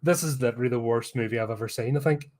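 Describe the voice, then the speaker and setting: A man's voice: medium pitch, racing, darkish tone. Sarcastic Belfast man ranting about films. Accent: Northern Irish, Belfast. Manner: blunt, sarcastic, sweary. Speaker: podcast host, film reviewer. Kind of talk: casual film review rant.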